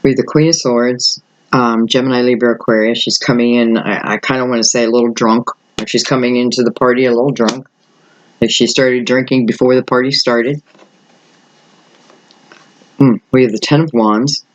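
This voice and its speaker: An older man, slightly hoarse, giving a rambling solo tarot reading and thinking aloud with many fillers. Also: mid-range voice, fairly even intonation, moderate pace, no room sound, rough recording. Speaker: tarot reader.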